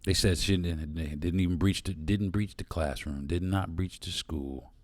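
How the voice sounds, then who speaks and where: A man's voice: deep voice, unhurried, darkish tone, no room sound. A man hosting his own podcast, talking alone in a blunt, profane and impassioned way. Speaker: podcast host. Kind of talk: solo podcast monologue.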